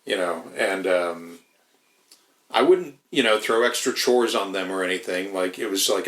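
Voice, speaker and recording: A man's voice: low voice, lively intonation, moderate pace, a bit bright, echoey room, poor audio. A man in casual podcast chat, rambling with lots of swearing and restarts. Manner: rambling, profane, many restarts.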